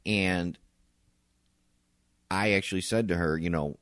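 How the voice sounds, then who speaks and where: This podcast co-host has a low voice and takes his time, recorded dry with studio quality. He tells stories in relaxed, casual chat and swears freely.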